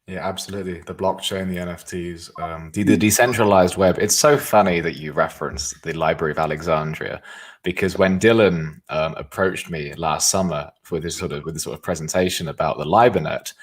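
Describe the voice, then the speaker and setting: Pria bersuara sangat rendah, pelan. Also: male voice, sits low, a little fast. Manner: soft-spoken, hesitant, many fillers. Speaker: host. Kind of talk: casual conversational interview.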